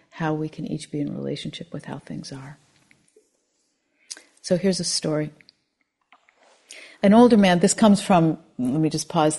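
Woman meditation teacher, lowish voice, soft and slow, contemplative dharma talk. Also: creaky. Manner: soft, slow and contemplative, at times near a whisper.

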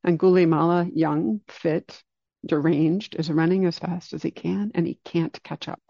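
Gravelly man telling a dharma story. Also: fairly high pitch, no room sound. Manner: calm, unhurried, slows down for emphasis. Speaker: meditation teacher. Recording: dull lo-fi recording.

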